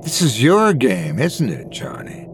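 A man's voice: mid-range voice, wildly swooping pitch, a little slow, noisy background. A man voicing a brash, cruel teenage boy bully in a spoken horror story, taunting and snarling.

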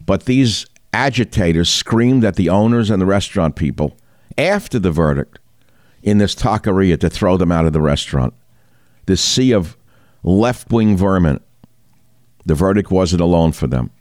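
A talk radio host with a low, slightly mellow voice delivers combative, indignant news commentary, firing rhetorical questions at the listener. The recording is studio quality with no room sound.

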